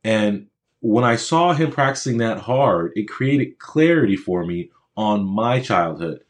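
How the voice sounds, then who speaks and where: A man's voice: fairly low pitch, lively intonation, unhurried. A man giving a motivational speech to aspiring medical students, talking conversationally with personal stories and repeating phrases for emphasis. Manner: conversational, checks in with the audience.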